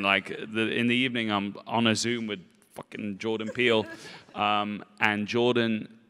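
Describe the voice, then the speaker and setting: A man answering interview questions in a rambling, halting way, repeating words and filling gaps with "you know". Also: lowish voice, bright, forceful tone, clear, resonant tone. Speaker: film director and actor, interview guest. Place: festival stage in a large hall. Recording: long reverb of a large hall.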